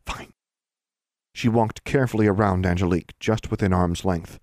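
A man narrating a fantasy story in a steady, even storytelling manner. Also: low-pitched, brisk, no echo, clean studio sound. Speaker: audiobook narrator.

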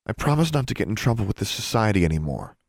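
A man's voice: on the low side, very animated, fast talker, vocal fry, no room sound, studio quality, voice pushed up, exaggerated voice. A man voicing an earnest, stubborn teenage girl who pleads and teases in a storybook reading.

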